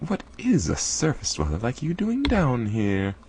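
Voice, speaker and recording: A man putting on a high voice for a cheerful young cave-dwelling woman while reading game dialogue. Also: wildly swooping pitch, measured pace, a little mellow, a little hiss or hum. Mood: bubbly. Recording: faint game music behind.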